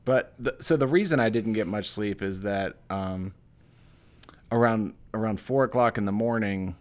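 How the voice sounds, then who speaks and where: A man's voice: lowish voice, moderate pace. A man co-hosting a podcast in casual chat, rambling and sarcastic, with lots of fillers and self-deprecating jokes. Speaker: podcast co-host.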